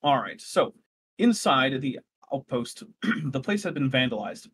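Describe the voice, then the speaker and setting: A man running a tabletop role-playing game, narrating scenes and rules in a relaxed, rambling way, often correcting himself. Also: medium pitch, measured pace, breathy edge. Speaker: game master.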